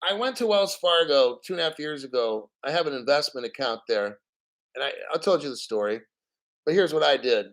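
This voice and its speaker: A man's voice: a little high, animated, brisk, fairly bright tone. A man hosting a crypto channel, ranting bluntly and profanely in a casual livestream. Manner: mocking put-on quotes.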